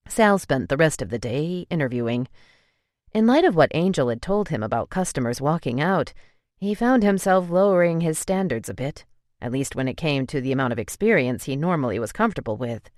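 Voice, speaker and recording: An audiobook narrator reading a contemporary romance in an even, measured way. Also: medium pitch, no echo, clean studio sound.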